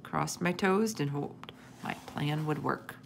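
Gravelly, low-voiced woman reading a kids' story. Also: slow pace, background noise. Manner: expressive, lively read-aloud narration. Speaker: reader of a children's book. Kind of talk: storybook read-aloud.

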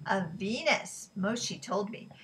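A man's voice: high voice, animated, slow pace, a bit bright, exaggerated voice, poor audio. Woman playing a jovial sailor man, teasing, formal phrasing, lifted voice, storybook reading. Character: jovial teasing male sailor, fond of chess.

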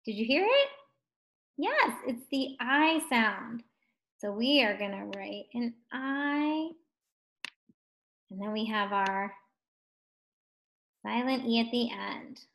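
Female first grade teacher, slow and stretched out, a bit high, gently encouraging. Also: big pitch swings, creaky. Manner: slow, drawn-out words sounded out for children; gentle, encouraging questions to young learners. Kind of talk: distance learning phonics lesson.

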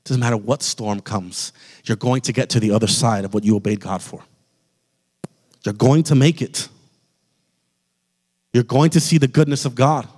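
Male pastor, fervent sermon delivery, mid-pitched voice, long church-hall reverb. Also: normal speed, pauses often, darkish tone. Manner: impassioned preaching, addresses the congregation directly. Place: church sanctuary.

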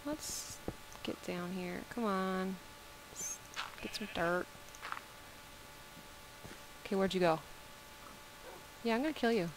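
A woman narrating her video game play in an easygoing, playful way, chatting to the animals she meets. She talks at an unhurried, slow pace. A steady hiss of background noise sits under her voice. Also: mid-range voice. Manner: playful, chats to the game's animals. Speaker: video game let's-player. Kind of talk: casual gameplay commentary.

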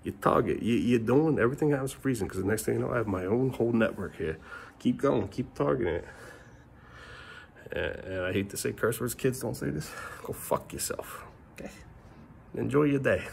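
Middle-aged male vlogger, rambling frustrated rant on a phone mic, gravelly voice, faint noise behind. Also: mid-range voice, animated, brisk, darkish tone. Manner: rambling, repeats himself, swears. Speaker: family vlogger.

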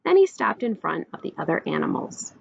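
Gravelly, animated woman reading a storybook. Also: on the low side, a little fast, muffled recording, a little hiss or hum. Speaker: teacher reading to children. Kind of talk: children's picture book read-aloud.

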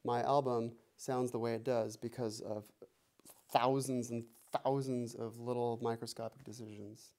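A man's voice: mid-range voice, flat delivery, measured pace, a little mellow. A man teaching a one-on-one drum lesson, playful and teasing, counting beats aloud. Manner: playful, teasing, mock-threatening. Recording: noisy room with drum clicks.

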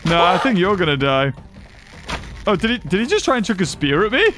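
A man giving excitable let's-play commentary as a gaming channel host. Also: high-pitched, a little fast. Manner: excitable, exclaiming.

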